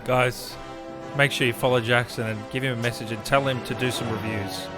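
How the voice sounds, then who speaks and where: A relaxed, easygoing man co-hosting a film podcast and wrapping up the episode. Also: mid-range voice, fairly quick, over music. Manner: relaxed, easygoing, laughs easily. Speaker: podcast co-host. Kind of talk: casual podcast chat.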